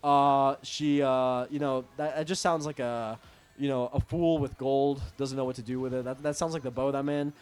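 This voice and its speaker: A man's voice: medium pitch, fairly even intonation, normal speed, darkish tone, clear, resonant tone. A young man telling a story in a casual, profane, rambling rant as a vlogger.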